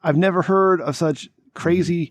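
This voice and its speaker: A man's voice: a little high, moderate pace, no echo. Groggy, rambling male podcast host. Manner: rambling, sarcastic, profane. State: groggy, just woke up. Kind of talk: casual comedic podcast chat.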